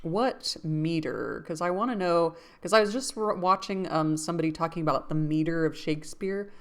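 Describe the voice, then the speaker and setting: A woman's voice: deep voice, lively intonation, normal speed. A woman reading a classic novel aloud in a casual way. She stops to look things up and makes joking asides. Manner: laughs to herself, jokey asides. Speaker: book-club host.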